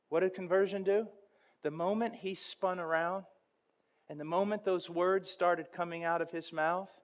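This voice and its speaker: A male preacher with a notably high voice delivers a sermon. He tells stories dramatically and builds to loud, intense passages.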